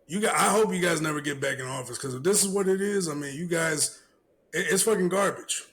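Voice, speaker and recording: A man's voice: on the high side, fairly bright tone, poor audio. A man hosting a casual podcast, ranting in a heated, profane way and repeating himself. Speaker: podcast host.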